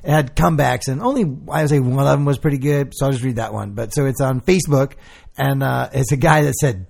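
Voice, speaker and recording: A man's voice: medium pitch, fast, vocal fry. A man co-hosting a casual podcast chat, telling stories with energy, acting out the quoted lines and swearing freely. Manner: animated storytelling, acts out quotes, swears freely. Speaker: podcast co-host.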